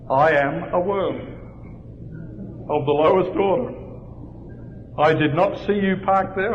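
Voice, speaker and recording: A male pastor telling a humorous personal story during a sermon, in a lively storytelling manner. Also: high voice, measured pace, long pauses, slight background noise. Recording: dull lo-fi recording in a large reverberant hall.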